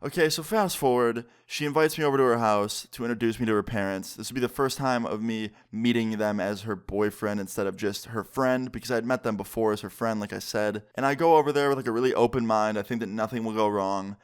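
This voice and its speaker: A man's voice: lowish voice, fast, hardly any pauses, clean tone. A young man telling a story on his YouTube channel in a casual way, with lots of "like" fillers. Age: young adult. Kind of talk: storytime vlog.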